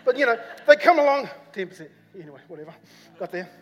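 Speaking with a New Zealand accent, this male pastor rambles through a personal-story sermon in a church hall, repeating himself and using lots of fillers. His very high voice swings widely in pitch, moves at a quick pace, and sounds fairly bright, though the audio is lo-fi. Long reverb and faint music fill the background.

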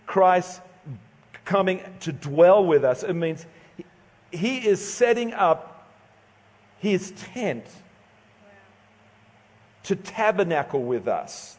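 A man's voice: fairly high pitch, darkish tone. Australian man preaching in a reverberant hall. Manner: casual, joking, conversational preaching with stumbles. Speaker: pastor. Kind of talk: sermon.

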